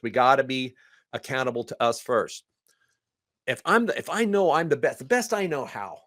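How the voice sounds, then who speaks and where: A lively man talks as a guest counselor, acting out the people he describes and firing off repeated words in quick bursts. His voice sits in a middle pitch and is recorded dry and close, with no room sound. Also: no room sound. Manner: animated, acts out other people's voices. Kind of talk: casual conversation.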